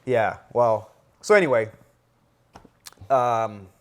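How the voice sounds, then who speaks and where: A man's voice: medium pitch, takes it slowly, smooth. A man hosting a casual podcast conversation, enthusiastic and searching for words, with lots of "like" and "yeah.". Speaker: podcast host.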